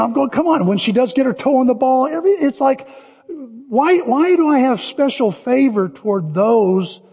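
An older man preaching in a high, husky voice. He tells stories with lively energy, and his words ring with long reverb through a hall, captured on dull, lo-fi audio. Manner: animated storytelling, shouting cheers in quotes. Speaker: pastor. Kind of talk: sermon.

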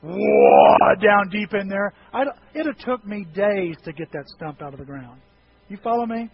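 A high-voiced middle-aged man preaching a sermon, telling animated stories and joking about himself. His voice swings up into sharp peaks when he makes a point. The recording is dull and carries a faint hiss. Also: a little fast. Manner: animated storytelling, self-deprecating humor. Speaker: pastor. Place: church sanctuary.

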